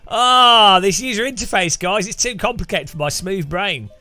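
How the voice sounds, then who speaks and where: A man with a high, sharp voice streams a racing game, chatting casually with viewers at a moderate pace. His live commentary rambles and pokes fun at himself, broken up by frequent chuckles.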